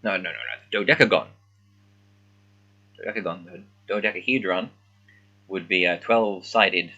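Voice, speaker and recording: Man, low voice, bright forceful tone, halting readalong, dull lo-fi recording. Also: slightly rough. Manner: halting, puzzling over words aloud. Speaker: language learner. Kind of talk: casual thinking-aloud readalong.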